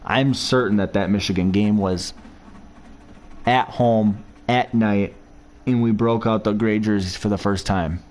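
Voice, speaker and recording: A man's voice: fairly low pitch, steady tone, a little slow, darkish tone. Chatty man. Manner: chatty, rambling, reminiscing about college football. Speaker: gamer playing a football video game. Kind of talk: casual gameplay commentary.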